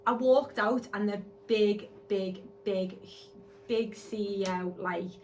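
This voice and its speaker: A woman, co-hosting a podcast and telling stories excitedly in casual chat. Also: mid-range voice, slow, a little hiss or hum. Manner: excitable, animated storytelling. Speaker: podcast co-host, hair extensionist.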